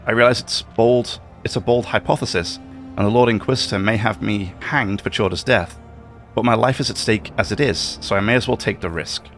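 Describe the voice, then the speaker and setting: Cold plotting conspirator, level delivery, gravelly, low pitch, a man reading aloud. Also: a little fast, fairly bright tone, faint music behind. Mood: scheming. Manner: reads game dialogue aloud in a level tone. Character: scheming male station conspirator, cold and persuasive.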